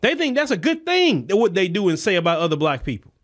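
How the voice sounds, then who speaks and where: Man, political commentary podcast, impassioned, high voice. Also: very animated, fast talker, a bit bright. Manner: impassioned, repetitive, preacher-like cadence. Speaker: podcast host. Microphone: podcast microphone.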